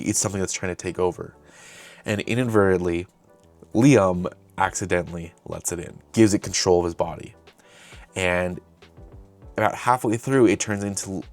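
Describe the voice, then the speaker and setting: A young man hosting his own channel, casually recounting an old project in a rambling, self-correcting way. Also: sits low. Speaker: host. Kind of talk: casual retrospective chat.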